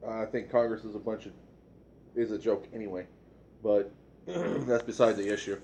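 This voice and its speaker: Measured middle-aged man, faint noise. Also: fairly low pitch, steady tone, darkish tone. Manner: measured, hesitant, repeats words. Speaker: co-host. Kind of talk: casual political chat.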